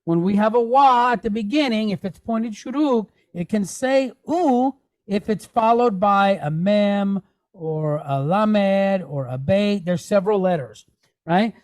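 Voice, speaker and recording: A woman's voice: mid-range voice, lively intonation, measured pace, a little mellow, no room sound. A woman teaching a Hebrew reading lesson, patiently naming each letter and vowel point and checking in with the class as she goes. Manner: checks in with frequent "right?".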